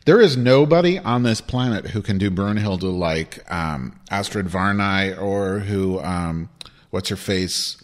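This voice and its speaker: Co-host, low voice swinging widely in pitch, blunt, crude humor. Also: lively intonation, unhurried. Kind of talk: casual panel chat.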